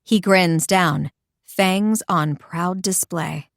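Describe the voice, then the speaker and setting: A woman narrating a first-person romance audiobook in an expressive, intimate storytelling voice. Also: lowish voice, drawn-out words, gravelly, no room sound, studio quality.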